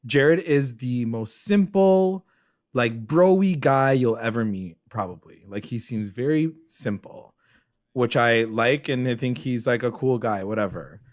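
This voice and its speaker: A man co-hosting a podcast, chatting casually and laughing often while he recaps a reality show with quick, dramatic retellings. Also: medium pitch. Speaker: podcast co-host.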